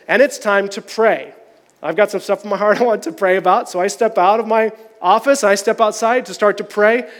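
Male pastor, candid storytelling sermon, high register, long church-hall reverb. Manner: candid, conversational, self-deprecating.

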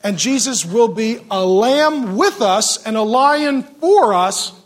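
Lively high-voiced male preacher. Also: takes it slowly. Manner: lively, joking preacher who asks the audience questions. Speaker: pastor. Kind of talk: sermon.

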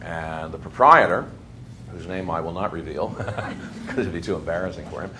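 A man's voice: low voice, moderate pace, a little hiss or hum. A man giving a history lecture to a class, telling stories animatedly and laughing as he talks. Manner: animated storyteller, laughs while talking. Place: lecture room with students.

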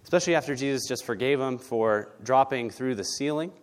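A man's voice: mid-range voice, brisk. A male pastor preaching a sermon in a blunt, conversational way, often asking "right?". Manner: blunt, conversational, tag questions.

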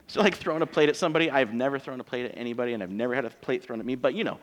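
A man's voice: mid-range voice, racing, few pauses. A man in his thirties, a pastor preaching a sermon in church in a conversational, joking way, asking his congregation rhetorical questions.

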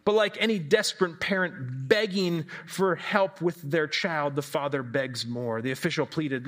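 A man's voice: fairly high pitch, a little slow, few pauses, a bit bright. A man giving a devotional sermon in a reflective, conversational way, asking his listeners questions. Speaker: preacher.

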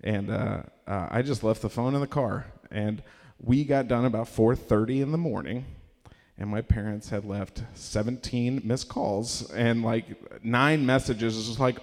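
A man's voice: mid-range voice, measured pace, a little mellow, long reverb tail. Rambling young man telling a stand-up story. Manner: rambling, self-mocking, acts out quotes in raised voices. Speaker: stand-up comedian. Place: live comedy venue.

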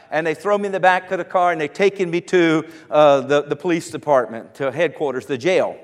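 A man preaching, his voice pitched high for a man. He tells a story on himself with a grin in it and then drives it home with fervor. The sound carries the long reverb of a church sanctuary. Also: fairly even intonation, brisk. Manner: storytelling, laughing at himself, building to fervent preaching. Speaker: pastor. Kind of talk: sermon with personal story.

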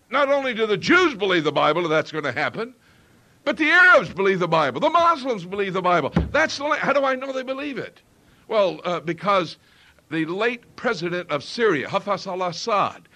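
A man's voice: sits high, sharp tone. A man preaching a sermon with an emphatic rising and falling cadence, often asking the congregation questions.

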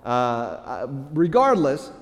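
A pastor preaching a sermon, retelling a story in an animated way with chuckles and stumbles over repeated words. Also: male voice, mid-range voice, takes it slowly. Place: church. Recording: long hall reverb.

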